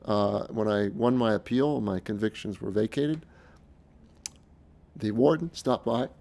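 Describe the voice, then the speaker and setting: An earnest middle-aged man speaking off the cuff in a lowish, gravelly voice. He talks in a halting way, circling back and restarting his phrases as he goes. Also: dark tone. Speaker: speaker recounting his experiences. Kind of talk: casual unscripted monologue.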